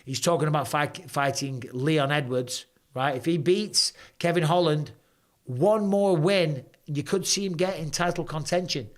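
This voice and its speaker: A man in his forties from England with an English accent, hosting a casual live-stream chat in a hoarse voice, telling stories animatedly with British slang. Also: fairly high pitch, a little slow. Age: 40s. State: hoarse from throat trouble. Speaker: host.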